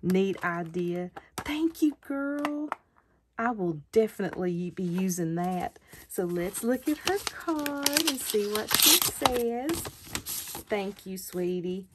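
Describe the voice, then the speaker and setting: A woman's voice: mid-range voice, expressive, takes it slowly, very noisy. A woman hosting her craft channel, chatting casually as she unboxes mail, gushing with thanks and delighted exclamations.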